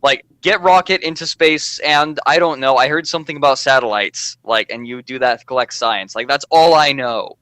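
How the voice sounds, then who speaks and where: A man's voice: medium pitch, moderate pace, few pauses, a bit bright, dry recording. A young man chatting casually on a livestream, rambling and poking fun at himself, with lots of "like". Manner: rambling, self-deprecating, lots of filler "like". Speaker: streamer and show regular.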